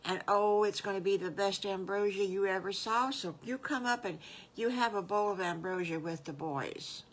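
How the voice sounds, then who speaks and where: A woman's voice: mid-range voice, moderate pace, a little hiss or hum, natural voice. An older woman voicing a cheerful, homey mother pig who invites a child in for food. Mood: inviting.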